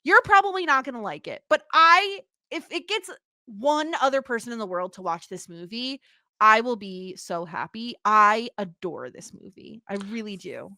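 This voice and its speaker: A woman's voice: on the high side, normal speed, no room sound, clean studio sound. A woman in her thirties co-hosting a podcast in casual, jokey chat. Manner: animated, jokey, bursts into laughs. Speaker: podcast co-host.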